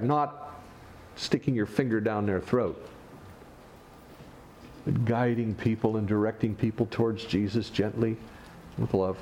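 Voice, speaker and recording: A man's voice: fairly low pitch, fairly even intonation, measured pace, pauses often, a little mellow, a little hiss or hum. A man preaching a sermon, explaining scripture with rhetorical questions and wry asides. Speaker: pastor.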